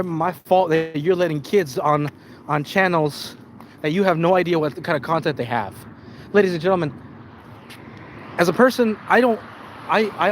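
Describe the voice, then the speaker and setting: A man's voice: on the high side, a little hiss or hum. A man hosting his own channel, chatting casually on a live stream, rambling and swearing often, with frequent restarts and stumbles. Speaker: channel host.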